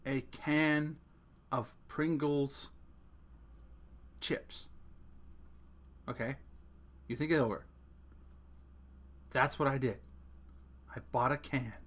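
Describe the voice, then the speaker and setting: A man's voice: on the high side, a bit bright. A middle-aged man hosting his own podcast, ranting casually, joking and swearing as he talks straight to his listeners. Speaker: podcast host. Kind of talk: casual rant.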